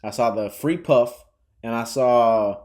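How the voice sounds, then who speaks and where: A man's voice: medium pitch, slow pace, a little mellow. A man co-hosting a casual reaction chat, swearing freely and calling the other host "bro". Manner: swears a lot, stunned disbelief, "bro" often.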